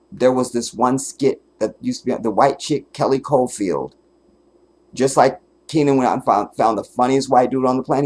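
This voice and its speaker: A man hosting a casual solo livestream, telling stories with animated, profane energy, often breaking into laughter and sometimes making emphatic declarations. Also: on the low side. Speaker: livestream host.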